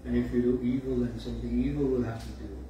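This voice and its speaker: A man giving a university lecture in a storytelling way, often pausing with fillers and asides like "you see.". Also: medium pitch, steady tone. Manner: conversational, frequent "you see" and filler pauses. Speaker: guest lecturer. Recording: echoey hall from far off, faint background noise.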